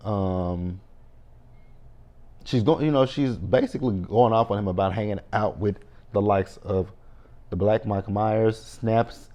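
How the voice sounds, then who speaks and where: A man with a lowish voice recaps a TV episode in a loose, casual way. He talks animatedly, curses freely and keeps breaking into mocking asides. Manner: animated, profane, quick to mock in exaggerated reactions. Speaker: TV recap host.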